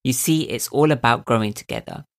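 A young man with a voice he calls squeaky and nasal, giving calm, earnest motivational advice to camera as a self-help video host. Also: a little fast. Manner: calm, earnest, coaching tone with rhetorical questions. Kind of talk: reflective motivational talk to camera.

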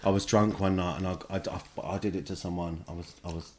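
A man's voice: low-pitched, steady tone, fairly quick, slight background noise. A man co-hosting a podcast, chatting and telling a story with plenty of laughter. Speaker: podcast co-host. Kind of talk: casual chat.

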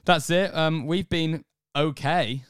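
A man from the UK, co-hosting a podcast, tells a story in a lively, laughing, jokey way. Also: on the high side, slow, clear, resonant tone, dry recording, studio quality. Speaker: podcast co-host. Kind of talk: casual chat, animated storytelling.

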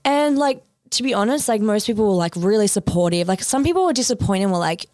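Fast-chatting woman. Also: mid-range voice, animated, darkish tone, dry recording, studio quality. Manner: chatty, heavy use of "like". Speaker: podcast guest. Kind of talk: casual chat.

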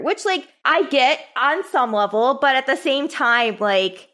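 A woman's voice: sits high, animated, unhurried, few pauses, fairly bright tone. Earnest, reflective woman on a podcast. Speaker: podcast co-host. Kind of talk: casual chat.

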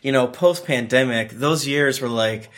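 A man's voice: medium pitch, a little slow, a bit bright. A man co-hosting a casual book-club podcast, talking in an easygoing, dry, teasing way. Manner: easygoing, dry, teasing, reads passages aloud. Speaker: podcast co-host.

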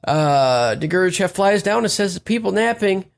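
A man talks through a plot recap in a casual, wry tone. His voice sits a little high and has a gravelly, creaky texture. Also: expressive, moderate pace. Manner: laid-back, plot-summarizing, wry. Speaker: podcast co-host recapping an anime.

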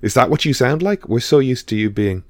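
A man's voice: medium pitch, lively intonation, brisk, no echo, clean studio sound. A man hosting a podcast in casual chat, rambling and hesitant with lots of fillers. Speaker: podcast host.

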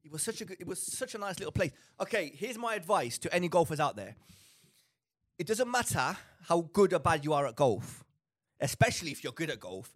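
A man co-hosting a casual podcast, talking in an animated, exasperated rant. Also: a little high, brisk, slightly rough, no echo, studio quality. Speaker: podcast co-host.

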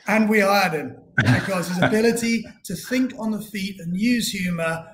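Middle-aged English-born guest, rambling and self-deprecating, slightly high voice. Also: male voice, normal speed, few pauses, a little hiss or hum. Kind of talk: casual storytelling interview.

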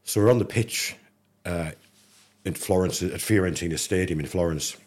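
This podcast guest, a middle-aged Englishman with a low voice, talks at a normal speed. His storytelling is casual and animated, and he acts out the lines of dialogue in his anecdote.

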